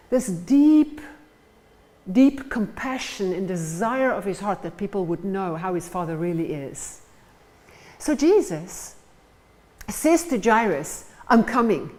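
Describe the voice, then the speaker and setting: A woman's voice: mid-range voice, dark tone, poor audio. A woman preaching a sermon in church, retelling stories and acting out the scenes. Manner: storytelling, acts out the scenes.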